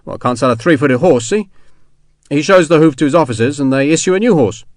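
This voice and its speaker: A man voicing a bluff, kindly young English sergeant who talks in rough, chatty soldier's speech. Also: on the high side, animated, fairly quick, no room sound, clean studio sound, lightly acted. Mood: reassuring.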